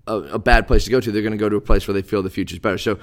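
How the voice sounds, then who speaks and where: A man's voice: lowish voice, steady tone, racing. A man, a magician, asking probing questions in a casual podcast chat.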